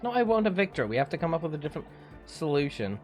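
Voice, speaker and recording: A streamer chats casually from a home setup on a desk microphone. The voice sits mid-pitch but moves a lot, with playful ups and downs while joking. Faint game music plays underneath. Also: big pitch swings, rapid-fire, a little mellow. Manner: joking, laughs often, mock-tearful bits. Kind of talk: casual live-stream chat.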